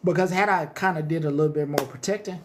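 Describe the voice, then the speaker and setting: A man's voice: a little high, quick pace, background noise. A man hosting a live stream, ranting casually and cursing heavily as he taunts his viewers directly and rambles through many restarts.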